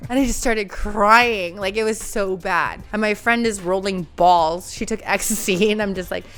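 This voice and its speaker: A woman's voice: mid-range voice, normal speed, fairly bright tone, faint music behind. A young woman telling stories bluntly and profanely on a podcast, laughing often. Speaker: podcast guest. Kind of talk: casual storytelling chat.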